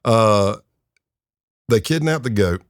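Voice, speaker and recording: A retired undercover agent in his fifties appears as a podcast guest, speaking slowly in a fairly low voice. The studio-quality audio has no room sound, and he tells his tale casually and animatedly, with many fillers and acted-out quotes.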